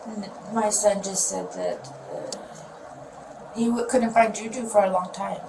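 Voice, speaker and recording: A woman's voice: mid-range voice, steady tone, a little slow, gravelly. A mother being questioned by police, rambling and upset, often trailing off mid-sentence. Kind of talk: recorded police interview. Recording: distant mic with loud noise.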